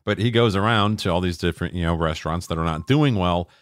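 Middle-aged man, very low voice, dry close sound, profane ranting podcast chat. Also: quick pace, no room sound. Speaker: podcast co-host.

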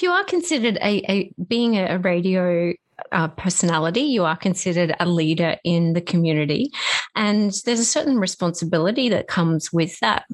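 A woman interviewer asking questions and murmuring agreement. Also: on the low side. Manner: attentive, with frequent murmured acknowledgements. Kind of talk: conversational interview.

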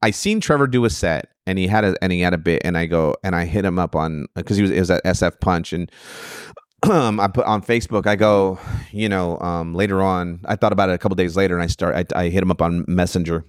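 A man's voice: low-pitched, fast, clean tone, no echo, clean studio sound. A man, a stand-up comic, telling stories in casual podcast chat, rambling with lots of restarts and swearing. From Sacramento. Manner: rambling storytelling with frequent profanity and restarts.

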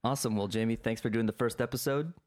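A man's voice: mid-range voice, fast talker, darkish tone. A man hosting a podcast in casual chat, rambling with frequent restarts and fillers. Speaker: podcast host.

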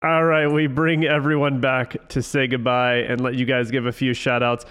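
A man's voice: mid-range voice, level tone, moderate pace, a bit bright, smooth. A man hosting a casual sports panel game show, teasing his panelists in a playful way.

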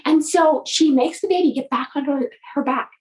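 A woman coach telling a motivational story in an animated way, often repeating her words. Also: sits high, brisk, poor audio.

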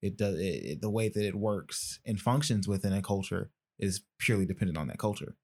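Low-voiced man, measured and deliberate. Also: a little mellow. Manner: measured, deliberate, choosing words carefully. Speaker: podcast guest. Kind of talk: casual conversational podcast talk.

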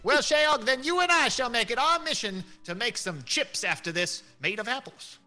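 A man voicing a chatty, genteel old gentleman who talks in long-winded, old-fashioned exclamations. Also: very high-pitched, animated, normal speed, soft background music, pitched above the performer's own voice, heavily acted. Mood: affectionate.

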